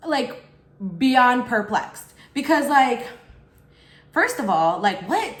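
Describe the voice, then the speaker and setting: A young woman vlogger with a high, expressive voice tells a casual storytime while eating, speaking slowly with slight background noise and roomy echo. She's chatty, fills her speech with "like," and acts out other people in quotes.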